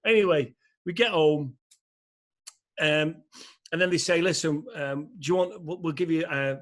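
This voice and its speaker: A man with a fairly high voice chats on a podcast. He tells his story in an animated, laughing way and swears freely. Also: measured pace. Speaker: podcast co-host. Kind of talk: casual chat, storytelling.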